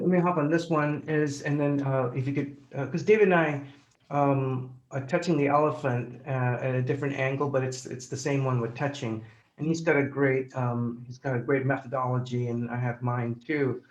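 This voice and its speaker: Man, pain psychologist, halting speech, muffled lo-fi sound. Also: medium pitch, a little mellow. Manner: halting, many fillers and restarts. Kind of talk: conversational explanation. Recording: dull lo-fi audio.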